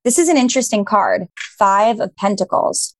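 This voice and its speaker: A woman's voice: mid-range voice, animated, moderate pace. A young adult woman hosting a casual chat and reading tarot, enthusiastic. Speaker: podcast host and tarot reader.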